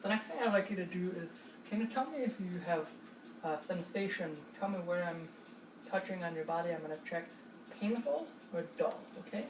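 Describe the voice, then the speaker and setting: A woman examiner demonstrating a neurological check, giving calm step-by-step instructions and reassurance. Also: fairly low pitch, a little fast. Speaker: nurse examiner. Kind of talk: clinical demonstration. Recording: roomy, distant mic, faint hiss.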